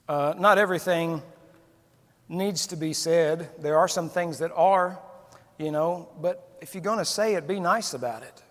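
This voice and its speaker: A man's voice: on the high side, a little slow, a bit bright. Man preaching in an echoing church. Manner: conversational, candid, acts out quotes. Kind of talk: sermon. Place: church sanctuary. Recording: long reverb of a church hall.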